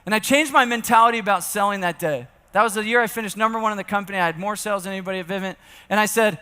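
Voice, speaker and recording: A man giving an energetic sales keynote on stage, telling stories with acted-out dialogue and rallying the audience to join in. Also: sits high, rapid-fire, smooth. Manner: animated storyteller who acts out dialogue and rallies the audience. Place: large event hall on stage. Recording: long reverb of a large hall.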